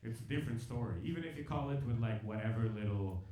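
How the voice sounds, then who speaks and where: Male stand-up comedian, lively storyteller who voices the people he talks about, distant mic in a boomy venue. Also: fast, heavy reverb. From Hungary and South Africa. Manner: animated storytelling, acts out other people in quoted bits. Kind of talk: stand-up set. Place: live comedy venue with a laughing audience.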